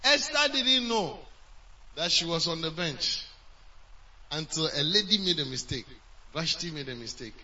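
A male pastor, preaching a sermon and telling a story, swinging between loud and hushed, on a dull lo-fi recording. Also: on the high side, animated, unhurried, pauses often, distant mic.

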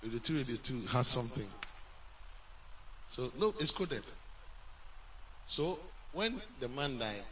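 A male pastor, preaching a sermon and telling a story, swinging between loud and hushed, on a dull lo-fi recording. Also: mid-range voice, lively intonation, a little slow, pauses often, distant mic.

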